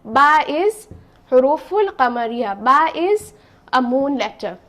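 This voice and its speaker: A woman's voice: high voice, big pitch swings, takes it slowly, a bit bright. A woman teaching a beginner's language lesson, explaining patiently, repeating herself and checking understanding with "okay?". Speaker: Arabic teacher. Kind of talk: slow classroom explanation.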